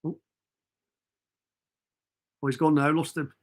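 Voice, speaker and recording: A man's voice: on the high side, flat delivery, slow. A middle-aged man from England, a podcast guest telling rambling stories in casual chat over a remote call. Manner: rambling storyteller, chatty and informal.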